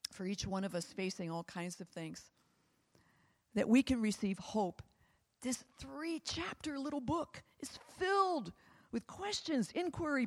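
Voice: high-pitched, long reverb tail. A preacher delivering a sermon that closes in prayer, with fervent, repetitive exhortation.

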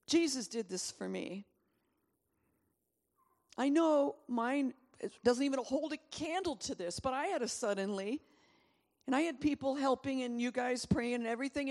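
A woman's voice: sits high, vocal fry. Woman preaching in an echoing hall. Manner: animated storytelling with frequent asides and laughs. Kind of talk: sermon. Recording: long hall reverb.

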